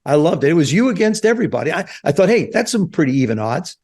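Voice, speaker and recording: A man in his seventies from New Jersey, a guest telling stories in an animated way on a podcast. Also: fairly high pitch, fast talker, slightly rough. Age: 70s. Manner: animated storyteller, acts out quoted voices. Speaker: guest, former quarterback. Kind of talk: storytelling interview. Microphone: podcast studio mic.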